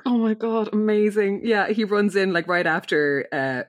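A giggly woman on a podcast, chatting through a TV episode with plenty of "like" and "uh". She breaks into laughter often and acts out little bits of the scenes. Her pitch sits at an ordinary middle height. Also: steady tone, normal speed. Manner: giggly, full of fillers, acts out lines from the episode. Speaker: podcast co-host. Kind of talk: casual chat recapping a TV episode.

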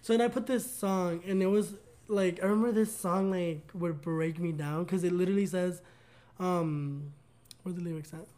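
A man's voice: high-pitched, fairly even intonation, normal speed, darkish tone. A young man co-hosting a podcast, telling a personal story in casual chat, earnest and gushing with lots of "like" fillers. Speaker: podcast co-host.

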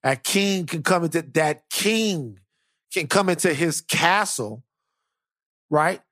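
A man co-hosting a podcast in a casual comedic chat, telling lively stories and acting out voices. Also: on the high side, takes it slowly, dry recording, studio quality. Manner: animated storyteller, acts out voices. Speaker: podcast co-host.

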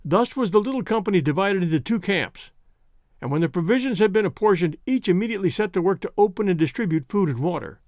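A man reads an adventure novel aloud in a steady, measured storytelling voice. His pitch is high for a man. The recording is dry and close, with no room sound. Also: no room sound. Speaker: narrator. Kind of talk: audiobook narration.

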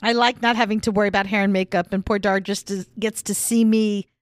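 A woman's voice: medium pitch, fairly even intonation, fairly quick, dry recording. A woman co-hosting a casual podcast from her own house, brash and playful, swearing freely. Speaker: podcast co-host. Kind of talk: casual chat.

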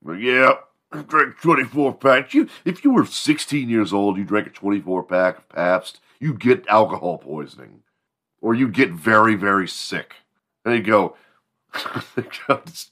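Low, bright-voiced man telling profane stories. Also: measured pace. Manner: profane, rambling, animated. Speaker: morning show host. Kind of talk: comedic storytelling.

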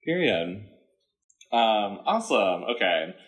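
A man's voice: fairly low pitch, very animated, slow pace, fairly bright tone. A man co-hosting a podcast, chatting enthusiastically and laughing easily, with frequent restarts. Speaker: podcast co-host. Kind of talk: casual chat about musicals.

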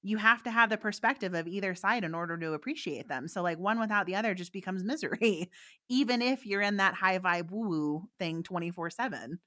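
A woman who is a psychic medium, telling a long story in a casual, animated way with many fillers. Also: mid-range voice, brisk, no echo, studio quality. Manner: animated, fillers, quotes voices in her stories. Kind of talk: conversational storytelling.

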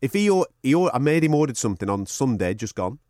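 A man's voice: mid-range voice, quick pace, no echo, clean studio sound. A man co-hosting a podcast, teasing and joking in casual banter. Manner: teasing, animated, jokey. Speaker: podcast co-host.

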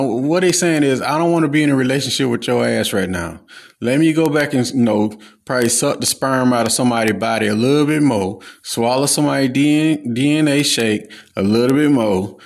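A man's voice: mid-range voice, fairly quick, vocal fry. A man hosting his own podcast, giving a blunt, profane, lecturing solo rant. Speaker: podcast host.

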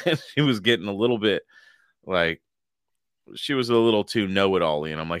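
A man's voice: low voice, expressive, brisk, long pauses, clean tone, no echo, studio quality. A man co-hosting a paranormal podcast, talking in a loose, profane way and laughing often. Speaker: podcast co-host. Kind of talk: casual chat.

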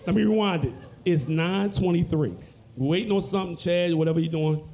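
A man's voice: high voice, rapid-fire, darkish tone. A man, a guest on a live podcast at a comedy club, telling stories and teasing the hosts with crude jokes. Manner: teasing, profane.

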